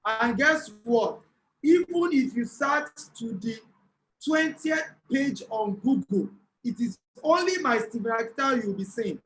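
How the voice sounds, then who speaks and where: A Nigerian man giving a motivational talk at an online summit, telling a lively story and asking the audience to type replies. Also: very high-pitched, a little slow, slight background noise, low-quality recording. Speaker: speaker at an online business summit.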